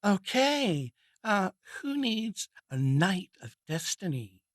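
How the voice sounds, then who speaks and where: A man's voice: high voice, very animated, takes it slowly, no room sound, studio quality, voice pushed up, exaggerated voice. A man reading a story, voicing a brassy woman streetwalker with a coaxing, sultry manner. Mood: flirty.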